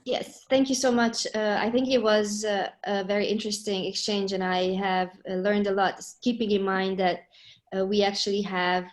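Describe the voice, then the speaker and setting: A woman speaks as a panelist in a measured way. Her pitch stays flat and even throughout. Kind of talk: academic panel discussion.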